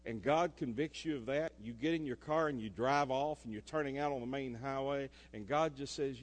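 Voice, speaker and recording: A male pastor, preaching a sermon and swinging between loud emphasis and soft asides. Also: mid-range voice, moderate pace, hardly any pauses. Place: church sanctuary. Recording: echoey church hall.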